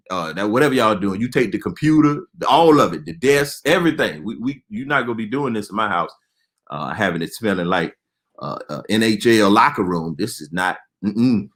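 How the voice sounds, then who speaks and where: A man's voice: on the low side, lively intonation, brisk, fairly bright tone. Exasperated comedian, a man. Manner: exasperated, punchy storytelling with repeated phrases. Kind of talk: stand-up comedy.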